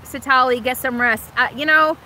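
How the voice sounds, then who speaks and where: A middle-aged woman with a high, bright voice chats through a livestream from inside her RV, answering viewer comments as they come. She laughs often and pokes fun at herself, and her sinuses are stuffed from allergies. A faint hum of vehicle noise sits behind her. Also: fairly even intonation, moderate pace, low-quality recording. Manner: chatty and self-deprecating, laughs often. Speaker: RV vlogger hosting a livestream. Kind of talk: casual livestream chat reading viewer comments. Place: in an RV in Alaska.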